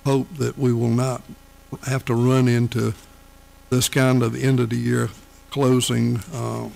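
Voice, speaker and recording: A man presenting finance committee items at a county council meeting, talking haltingly with many fillers. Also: medium pitch, vocal fry, a little mellow, slight background noise, rough recording.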